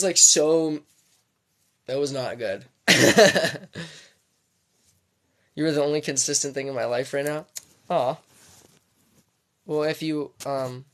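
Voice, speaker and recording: Guy rambling on a live stream, kinda high voice, dry close sound. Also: fairly bright tone, no room sound. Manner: rambling, full of fillers and restarts. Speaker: livestreamer. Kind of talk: casual livestream storytelling.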